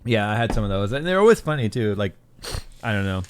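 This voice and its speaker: A man's voice: lowish voice, very animated, fast talker, slight background noise. A man co-hosting a casual livestream, answering in a laid-back, drawling way. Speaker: streamer co-host.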